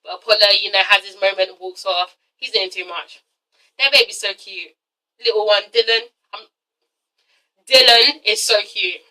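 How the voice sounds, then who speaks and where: Woman vlogger dishing on reality tv, high piercing voice, a little off mic. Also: sharp tone, recorded from a distance, poor audio. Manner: frank, swears a lot, gossipy. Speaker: TV show reviewer. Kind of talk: casual chatty review rant.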